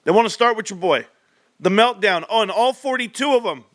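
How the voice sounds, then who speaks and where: A middle-aged man hosting a casual livestream, energetic and animated, laughing often. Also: high-pitched, brisk, no room sound, clean studio sound. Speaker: livestream host.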